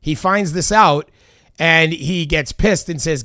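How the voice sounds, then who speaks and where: Man, political commentary, exasperated, swearing, fairly high voice, dry close sound. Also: slow, sharp tone, dry recording. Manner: exasperated, heated, swears often. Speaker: commentator reacting to video clips. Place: Los Angeles.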